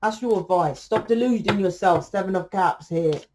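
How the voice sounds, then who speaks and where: A woman's voice: medium pitch, normal speed, noisy background. A woman giving a casual tarot reading, blunt and lecturing, swearing freely as she talks to her viewers. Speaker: tarot reader.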